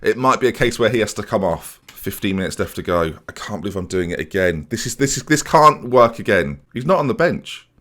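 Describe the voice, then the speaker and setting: A young man commentating his football-management game for viewers, playing the mock match commentator and swinging into excitable outbursts. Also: lowish voice, fast, few pauses. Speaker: gaming YouTuber.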